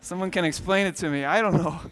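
A man in his thirties, a pastor preaching a sermon with animated storytelling, acting out voices. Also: high voice, quick pace. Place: church sanctuary. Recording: long hall reverb.

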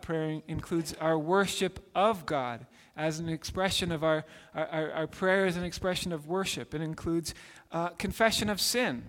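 A man preaches a sermon in a fairly high voice, earnest and prone to repeating himself and restarting his sentences. He carries his point through a story, building it up patiently. The sound has the long reverb of a large hall. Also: a bit bright. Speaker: pastor.

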